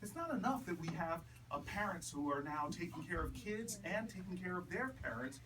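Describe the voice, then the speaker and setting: A man delivers a political stump speech to a room of supporters, mixing earnest appeals with a punchy story. He is picked up from across the room, and steady background noise sits under his voice. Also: high voice. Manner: rising from measured to loud, laughing punchlines. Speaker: politician speaking at a campaign event. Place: house party, indoors. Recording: distant mic with background noise. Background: crowd laughter.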